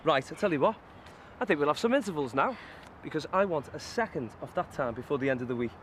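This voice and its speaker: A man's voice: a little high, lively intonation, fast, a little hiss or hum, natural voice. An actor playing an enthusiastic, demanding running coach who praises and pushes his runner. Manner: eager, praising and pushing.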